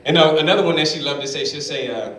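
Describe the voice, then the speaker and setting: A man's voice: fairly high pitch, rapid-fire, heavy background noise. A man telling stand-up stories and acting out the voices of the people in them. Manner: animated storytelling, acts out voices. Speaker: stand-up comedian. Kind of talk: stand-up comedy. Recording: roomy hall from a distance, loud crowd.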